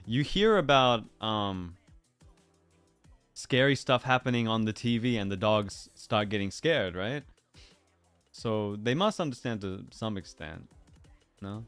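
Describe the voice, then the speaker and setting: Playful low-voiced man musing on stream. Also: expressive, a little slow, long pauses, fairly bright tone, clear, resonant tone, dry recording, soft background music. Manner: musing, playful, drifts into silly put-on voices. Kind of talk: casual livestream chat.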